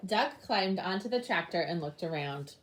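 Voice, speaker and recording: A young woman teacher reading a picture book aloud to her class, with lively animal sounds. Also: fairly low pitch, moderate pace, slight background noise.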